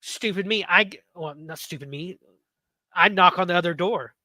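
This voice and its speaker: A man's voice: high-pitched, normal speed, pushed and bright, no room sound. A man, hosting a podcast and telling rambling stories in casual chat. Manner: rambling, self-interrupting storyteller. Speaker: podcast host.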